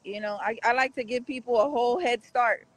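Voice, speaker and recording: A man's voice: extremely high pitch, brisk, fairly bright tone, poor audio. A man hosting a casual live street-news stream outside a courthouse, rambling and talking straight to his viewers.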